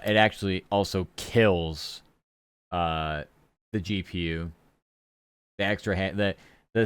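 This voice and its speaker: A man's voice: sits low, clear, resonant tone, dry recording. A young man chatting casually on a live stream while he works, often muttering to himself.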